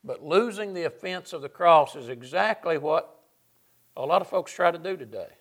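A man's voice: fairly high pitch, animated, normal speed. A man preaching a sermon, emphatic and sarcastic, building his points through lists.

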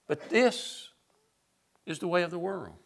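A man's voice: high voice, unhurried, vocal fry, fairly bright tone. A man preaching a sermon, emphatic and sarcastic, building his points through lists.

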